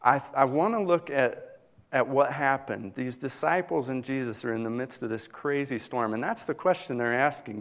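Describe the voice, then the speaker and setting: A young adult man, a pastor, preaching a sermon and telling a personal story in an earnest, pausing way that builds in intensity. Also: mid-range voice.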